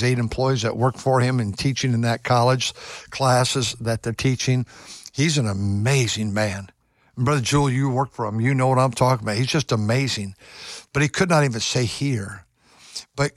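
A man's voice: mid-range voice, dry recording, clean studio sound. An older man, a pastor giving an earnest radio devotional sermon, often restarting and repeating his words. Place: church pulpit.

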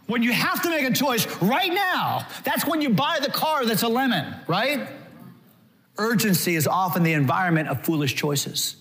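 A male pastor delivering a sermon in a high voice. His pitch rises and falls with lively animation. He slips into quoted voices to act them out. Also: moderate pace.

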